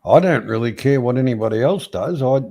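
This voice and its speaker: A man's voice: medium pitch, expressive, fairly quick, gravelly, dark tone. A man chatting casually as a guest, making dry, teasing remarks. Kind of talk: casual chat.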